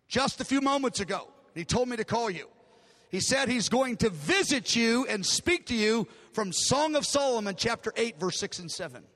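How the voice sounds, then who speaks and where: With a very high-pitched, fairly bright voice, an older man serving as pastor preaches in a large hall full of long reverb. He tells a story emotionally, dramatizing it and performing the dialogue.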